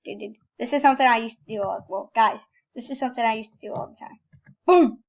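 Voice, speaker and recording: Young female gameplay commentator, high voice, rambling and self-correcting, muffled lo-fi computer mic. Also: quick pace. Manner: rambling, self-correcting, sudden excited outbursts. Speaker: gaming YouTuber. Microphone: computer microphone with screen recorder.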